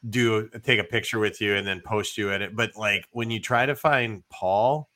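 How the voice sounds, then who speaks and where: A man with a low voice and a bright, forceful tone on a podcast. He teases his co-hosts with dry, wry jokes. The talk is easygoing banter. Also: moderate pace, dry recording. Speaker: podcast co-host. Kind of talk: casual podcast chat.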